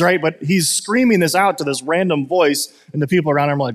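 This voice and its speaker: A man's voice: a little high, normal speed, hardly any pauses. Chatty male pastor in a reverberant hall. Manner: conversational, storytelling with many fillers. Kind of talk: sermon.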